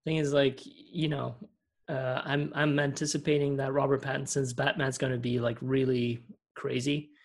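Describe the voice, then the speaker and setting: A man's voice: mid-range voice, level tone, normal speed. A man co-hosting a podcast in casual chat. He rambles, laughs often and slips into silly voices. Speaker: podcast co-host.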